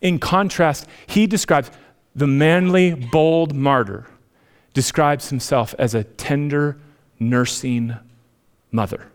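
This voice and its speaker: This sermon comes from a male pastor with a fairly high voice and a slow pace. He addresses the congregation with rhetorical questions, rising to emphatic peaks and then sinking into hushed, soft moments.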